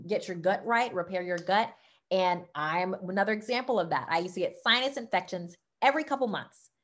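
A Southern-accented woman from Louisiana who gives an excitable, chatty talk about wellness products, peppering it with y'all and okay. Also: medium pitch. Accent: Southern American. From Louisiana, United States. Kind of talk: casual product talk to camera.

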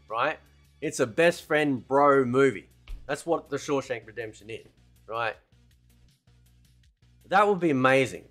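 A man's voice: medium pitch, a bit bright. A man giving casual, rambling opinion commentary as a gaming channel host, often tagging "right?" and "man" onto his sentences.

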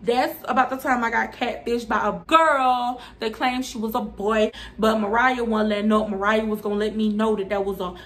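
A young woman telling a story time to her viewers in a casual, dramatic, animated way. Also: a little high, normal speed.

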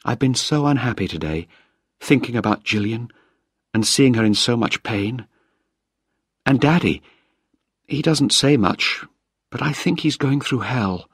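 A man reading aloud gives voice to a young woman scientist in a storybook, her voice lifted well above the reader's own low register and swinging widely. The recording is close and dry, with no room sound. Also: animated, measured pace, pauses often, husky, no room sound. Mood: sad. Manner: raised, lighter pitch for her lines. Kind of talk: graded reader audiobook.

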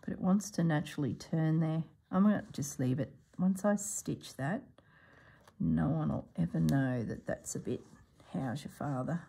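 A woman hosting a sewing vlog who thinks aloud as she works, musing to herself in a soft, half-whispered voice. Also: sits low, normal speed, vocal fry, slightly rough. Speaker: sewing channel host.

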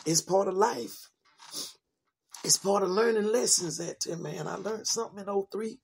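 A woman's voice: mid-range voice, gravelly, slightly rough. A woman preacher giving an informal sermon, repeating her lines for emphasis and calling listeners sweetheart and baby.

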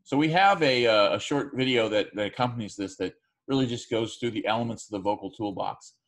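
A man's voice: medium pitch, a little fast. A man giving a recorded class lecture, speaking loosely with frequent fillers and restarts. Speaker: teacher.

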